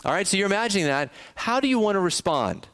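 A man's voice: sits high, big pitch swings, fast, a bit bright. A male pastor preaching a sermon in a conversational way, often putting questions to the congregation. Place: church sanctuary.

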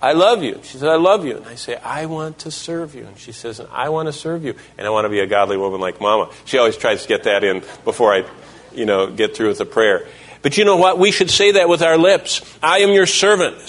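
A man's voice: on the high side, a bit bright. Man preaching a storytelling sermon. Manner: storytelling, quoting scripture and voices in dialogue. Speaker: pastor.

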